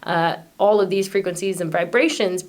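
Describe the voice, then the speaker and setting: A woman's voice: lowish voice, normal speed. A woman hosting her own channel, explaining a spiritual idea in a casual, earnest way that wanders, with frequent fillers and restarts. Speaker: channel host.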